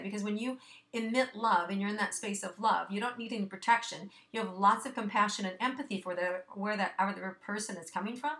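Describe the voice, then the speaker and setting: A woman's voice: mid-range voice, fairly bright tone. A woman giving a casual monthly astrology forecast, chatty and reassuring, with many fillers and a slightly breathless voice. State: a little out of breath.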